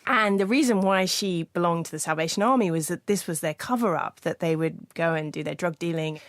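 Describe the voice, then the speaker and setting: A woman author in a studio interview, telling a story earnestly with quick restarts. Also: lowish voice, no echo. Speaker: author guest. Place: podcast studio.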